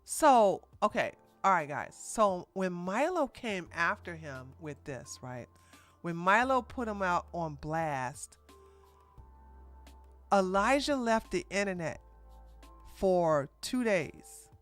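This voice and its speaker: A woman hosting a casual reaction commentary stream, talking in an animated, mocking way with frequent laughs. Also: fairly low pitch, slow pace, faint music behind. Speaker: commentary host.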